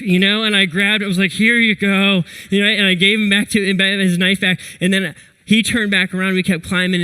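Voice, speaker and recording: A young adult man preaching a sermon, telling a story with lively, animated retellings of what people said. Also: high voice, poor audio. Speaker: pastor.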